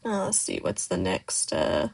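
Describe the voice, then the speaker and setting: A woman's voice: very deep voice, huge pitch swings, unhurried, a little mellow, slightly rough. A woman hosting a casual livestream, reading chat messages aloud and answering them in a loose way, with many fillers. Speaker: stop-motion creator hosting a livestream.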